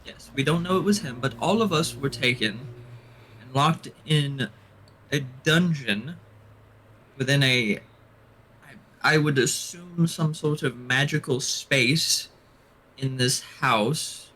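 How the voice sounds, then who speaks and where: Slow, hesitant man explaining in character. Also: mid-range voice, sharp tone, breathy edge, poor audio. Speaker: player. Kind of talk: in-character roleplay.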